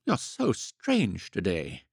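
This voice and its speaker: A man reading the part of a flustered but self-assured gentleman in an audiobook, blustering and fussily soothing. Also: mid-range voice, big pitch swings, normal speed, creaky, no room sound, clean studio sound, full character voice. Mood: fussy.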